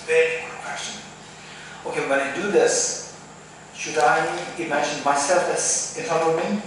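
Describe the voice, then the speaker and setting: At a retreat, a male Buddhist teacher with a fairly high, fairly bright voice explains philosophy, often checking in with "right?" and restarting phrases. He's recorded from afar in an echoey hall, with some hiss.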